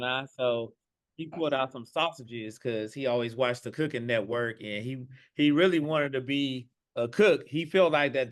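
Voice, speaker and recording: A man improvising a story, animated and acting out the characters he quotes. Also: medium pitch.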